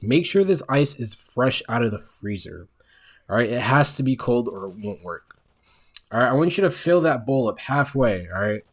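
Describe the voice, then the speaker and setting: A young man speaks into his own microphone at home late at night, keeping his volume down so he doesn't wake anyone. His voice sits at an ordinary middle pitch, and he tells his story in a loose, profane, conversational way. He keeps checking in with his listeners, asking "all right?" as he goes. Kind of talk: casual storytime monologue. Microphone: own microphone, speaking quietly late at night.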